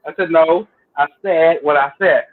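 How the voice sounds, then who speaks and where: A man's voice: fairly high pitch, normal speed. Laid-back man on a tinny line. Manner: laid-back, colloquial, short agreeing replies. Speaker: co-host. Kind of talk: casual chat. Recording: tinny phone-like line with faint noise.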